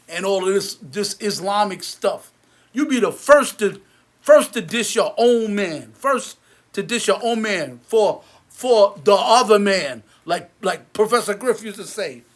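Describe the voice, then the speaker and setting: A man with a rather high voice rants to camera, heated and bitter. He repeats himself and restarts his lines, then lets his voice drop low and quiet in tired stretches. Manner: repetitive, many restarts. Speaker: movie theater owner. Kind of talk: angry rant to camera.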